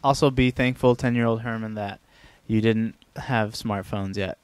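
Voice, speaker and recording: A man's voice: lowish voice, fairly even intonation, clear, resonant tone, no echo. Man, podcast host, casual banter, laughs often, very dry close sound. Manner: quick, laughing, banters with guests. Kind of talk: casual chat.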